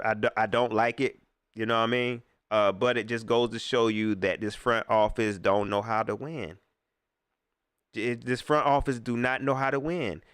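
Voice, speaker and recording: A man's voice: medium pitch, fairly bright tone, smooth, no room sound. A man hosting a sports fan live stream, venting in casual slangy talk and firing off emphatic rhetorical questions as he reads viewer comments. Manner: casual slangy speech with frequent fillers. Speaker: fan channel host reading live comments.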